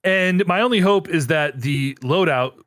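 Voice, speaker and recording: Man, podcast co-host, animated storyteller, slightly high voice, dry close sound. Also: a little slow, no room sound. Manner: animated storyteller, swears freely. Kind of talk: casual gaming podcast chat.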